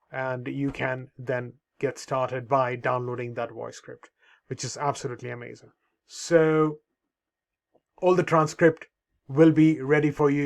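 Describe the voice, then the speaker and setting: A man presenting a software walkthrough, talking in an unhurried way with many fillers. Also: medium pitch. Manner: unhurried, many fillers, repeats "over here". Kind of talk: screen-recorded software walkthrough.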